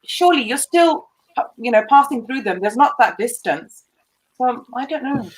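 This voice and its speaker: High-voiced woman in casual chat. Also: lively intonation, normal speed, poor audio. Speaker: public speaking coach, co-presenter.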